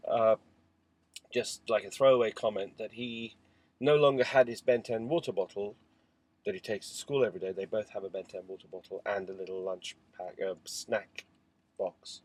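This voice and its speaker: A father speaks frankly to the camera in a spoken diary, wandering through a family story with side remarks. His voice sits on the low side with a breathy edge. The recording is rough but has no echo.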